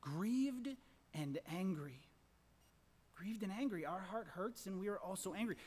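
A middle-aged man preaching a sermon as pastor, impassioned, repeating phrases, swinging from loud emphasis to hushed whispers. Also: high voice, normal speed, breathy edge. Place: large church sanctuary. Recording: long church reverb.

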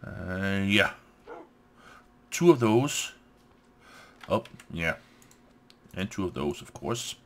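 A man's voice: low voice, big pitch swings, very slow, creaky, long pauses. A man hosting a let's play, talking himself through crafting steps and muttering "yes, yes" to himself. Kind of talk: gameplay commentary.

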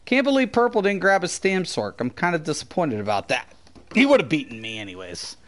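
A high-pitched young man talking straight to his chat while he plays. He swears freely and rants at viewers. His commentary is raw and profane. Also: big pitch swings, brisk, fairly bright tone. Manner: profane, ranting, addressing chat. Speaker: game streamer. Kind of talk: live gameplay commentary.

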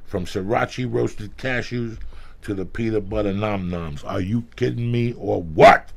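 A man hosting his podcast, reading sponsor ads in a loud, emphatic, profane, rambling way. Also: fairly low pitch, a little slow, gravelly, a little hiss or hum. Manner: loud, emphatic, swears freely. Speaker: podcast host.

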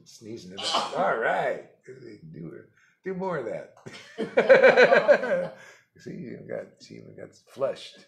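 A man's voice: medium pitch, very animated, a little slow, vocal fry, a bit bright. A man giving a rambling, blunt spiritual talk, mocking and laughing often. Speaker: spiritual teacher. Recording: echoey room.

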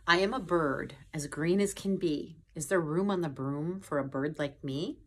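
A woman voicing a polite female green bird in a picture-book read-aloud, gently and plainly. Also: low voice, moderate pace, husky.

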